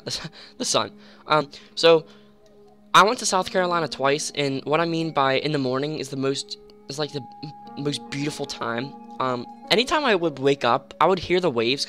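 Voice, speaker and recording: A young man giving rambling, excitable commentary on a game at home, full of fillers and sudden yelps. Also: medium pitch. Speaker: gamer. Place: home room.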